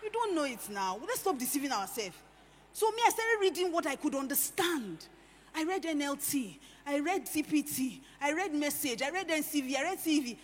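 A woman preaching a sermon, animated, swinging between hushed lines and loud emphatic ones. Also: high voice, a little fast. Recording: echoey hall with faint ambience.

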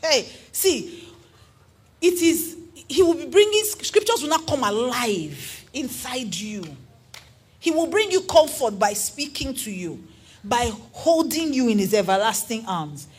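Husky, lively woman preacher. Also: high-pitched, a little slow. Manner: earnest, animated preaching with rhetorical questions. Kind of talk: sermon.

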